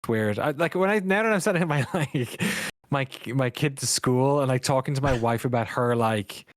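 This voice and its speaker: A man's voice: mid-range voice, normal speed, dry recording. Irish man, podcast guest, jokey chatty manner, dry close sound. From Ireland. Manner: jokey, chatty, laughs easily. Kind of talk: casual chat. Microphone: video call.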